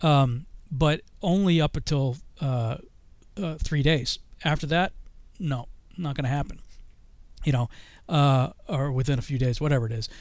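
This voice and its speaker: A man's voice: fairly high pitch, moderate pace, dry recording. A man in casual conversation about scripture, telling stories animatedly and acting out quotes. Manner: animated storyteller, acts out quotes. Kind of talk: casual religious discussion.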